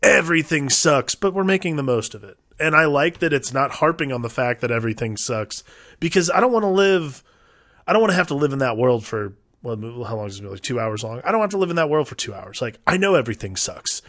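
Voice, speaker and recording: A man's voice: mid-range voice, very animated, fairly bright tone, no room sound, studio quality. Rambling man on a film podcast. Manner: rambling, many "like" fillers, quick agreeing replies. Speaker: podcast co-host. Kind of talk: casual film discussion.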